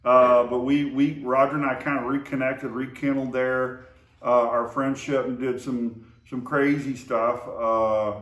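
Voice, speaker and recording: A man from the Oklahoma-to-Texas area recalls old times with his brother, rambling casually with lots of fillers and restarts. His mid-range voice is level, unhurried, and a bit bright, captured far from the mic in a roomy echo.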